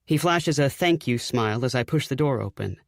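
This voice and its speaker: Wry, expressive male audiobook narrator. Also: mid-range voice, brisk, vocal fry, no echo, studio quality. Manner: wry, sardonic comic storytelling. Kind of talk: first-person audiobook narration.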